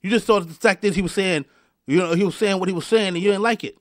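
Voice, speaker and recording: A man's voice: high-pitched, quick pace, dry recording, studio quality. A man hosting a show, ranting angrily at his listeners with many stumbling restarts and repeated words. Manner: angry, repetitive, stumbling restarts, addresses listeners directly. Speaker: show host. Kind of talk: heated commentary rant.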